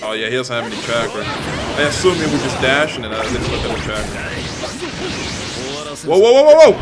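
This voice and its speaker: A young man doing live gameplay commentary, profane and trash-talking, with animated reactions. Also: medium pitch, quick pace. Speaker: gaming commentator. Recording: loud game music behind. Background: game music.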